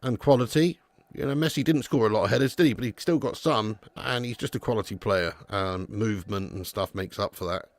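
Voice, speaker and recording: A man's voice: fairly low pitch, fairly quick, no echo. A young man hosting a live football watch-along, chatting casually and bantering with viewers. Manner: chatty, banter with viewers, jokey put-on accents.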